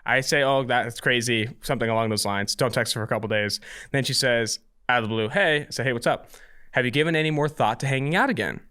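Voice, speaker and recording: A man, co-hosting a podcast and telling a long story in an animated, casual way. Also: medium pitch, fast talker, clean tone. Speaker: podcast co-host.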